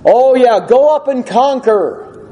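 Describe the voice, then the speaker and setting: A man voicing a group of fawning yes-men priests who gush flattery. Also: very high-pitched, slow pace, pitched above the performer's own voice, heavily acted. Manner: sycophantic, gushing.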